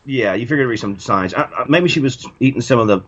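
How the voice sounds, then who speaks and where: A man's voice: mid-range voice, animated, fast, noisy background. A middle-aged man co-hosting a radio talk show, cracking dry jokes and asides in casual banter. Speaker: radio co-host. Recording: dull lo-fi radio sound.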